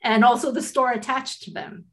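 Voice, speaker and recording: A woman's voice: on the high side, steady tone, normal speed, a bit bright. A woman co-hosting a podcast, chatting casually in a blunt, joking way and swearing now and then. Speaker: podcast co-host. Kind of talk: casual chat.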